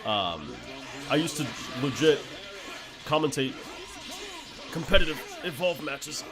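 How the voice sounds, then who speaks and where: A man streaming games, chatting casually and telling stories in a blunt, animated way. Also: fairly high pitch, slow pace, music in the background. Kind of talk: casual gameplay commentary.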